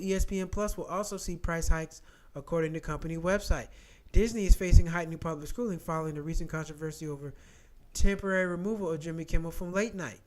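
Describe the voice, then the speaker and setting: A high-pitched man rants his way through the news. His delivery is animated and profane, and he keeps circling back to repeat his points. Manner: animated, profane, repetitive rant. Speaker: commentary channel host. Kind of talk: ranting commentary, reading headlines.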